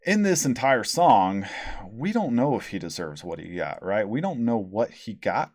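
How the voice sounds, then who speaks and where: A man with a low voice rambles through a casual album review, sarcastic and profane, filling gaps with ums and restarts. The sound is dry and close to the mic, with no room around it. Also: sing-song, moderate pace, darkish tone, dry recording. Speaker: podcast host reviewing albums.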